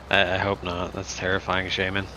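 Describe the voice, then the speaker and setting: A male streamer talking casually to his chat in a fairly low voice. He rambles and cracks jokes, filling his sentences with "I mean" and "you know", and there is clear noise behind the stream audio. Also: sharp tone. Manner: rambling and joking, heavy fillers.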